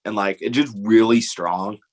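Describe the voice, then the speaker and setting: A man's voice: lowish voice, steady tone, normal speed. An American man chatting casually as a guest, enthusiastic and casually swearing. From United States. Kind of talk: casual chat.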